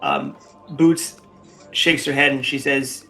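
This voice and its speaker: Slow gravelly male game master. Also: medium pitch, soft background music. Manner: relaxed, filler-heavy narration. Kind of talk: narrating a tabletop game.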